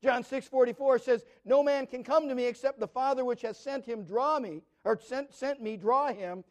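High-voiced man preaching a Bible study. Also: moderate pace, few pauses. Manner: earnest, repeats words and asks rhetorical questions.

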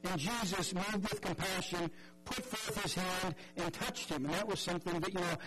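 A man's voice: sits high, normal speed, low-quality recording. A man preaching a sermon in an earnest, conversational way, often repeating words and acting out the voices in the story.

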